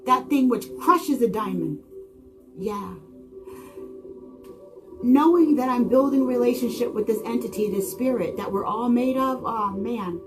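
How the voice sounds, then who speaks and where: Woman ranting spiritually, kinda high voice, big dramatic questions then hushed bits, singing bowl music going behind. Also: measured pace, pauses often. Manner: dramatic, rhetorical questions, swings from exclaiming to hushed. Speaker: channel host. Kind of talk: spiritual monologue.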